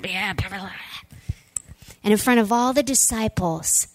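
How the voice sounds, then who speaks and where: A woman pastor preaching a sermon, telling the story with animated delivery and dropping into soft, near-whispered moments. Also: medium pitch, moderate pace, no room sound.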